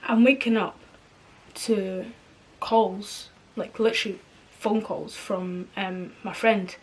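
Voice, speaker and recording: A young woman vlogger retelling a personal story in a slangy, animated way, acting out the dialogue. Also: mid-range voice, slow.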